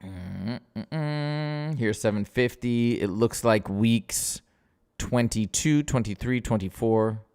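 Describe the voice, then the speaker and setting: A man's voice: lowish voice, fairly even intonation, unhurried, darkish tone, clear, resonant tone. A man, tutoring math as he works through a timed test, casual and upbeat, thinking aloud. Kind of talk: live-streamed test walkthrough.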